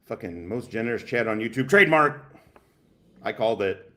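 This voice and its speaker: Loud swearing male livestream host. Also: fairly low pitch, normal speed. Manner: loud, laughing, swearing, animated. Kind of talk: profane reaction livestream commentary.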